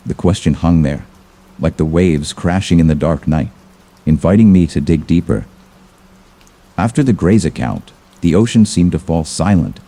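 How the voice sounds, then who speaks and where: A man narrating a scripted horror story in a measured, ominous manner. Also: deep voice, expressive, warm tone.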